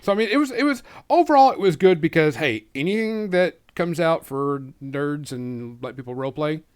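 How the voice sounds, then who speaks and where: A man's voice: fairly high pitch, animated, normal speed, clean tone. A man co-hosting a tabletop gaming podcast, talking in an easygoing, hesitant way with many ums. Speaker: podcast co-host. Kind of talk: casual chat.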